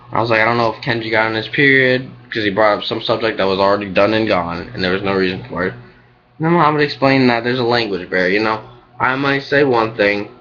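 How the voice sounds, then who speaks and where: A young man talks straight into his webcam, venting about his day in a loose, rambling, frustrated way. His voice sits at an ordinary middle pitch. The webcam mic leaves the sound dull and lo-fi. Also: a bit bright. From United States. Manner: rambling, frustrated, heavy on "like" and "you know". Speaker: restaurant cook.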